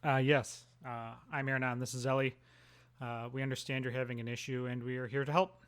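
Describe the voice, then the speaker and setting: A man's voice: medium pitch, flat delivery, brisk, a bit bright, smooth. Wry male tabletop player. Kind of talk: casual tabletop play.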